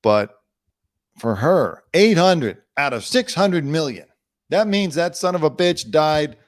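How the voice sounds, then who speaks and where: A man's voice: fairly high pitch, lively intonation, slow, dry recording, clean studio sound. A man hosting an entertainment news show, reading headlines aloud and breaking off into sarcastic, rambling riffs. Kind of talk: casual news commentary.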